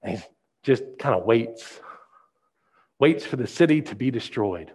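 A male pastor preaching a sermon, retelling a Bible story in a lively storytelling way. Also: mid-range voice, a little slow, slightly rough. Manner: animated storytelling.

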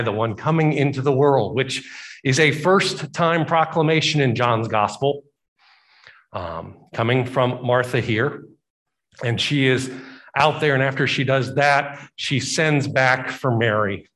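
A man's voice: medium pitch, a bit bright. A man preaching a sermon, retelling a Bible story with emphatic repetition and voiced quotes. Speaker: pastor.

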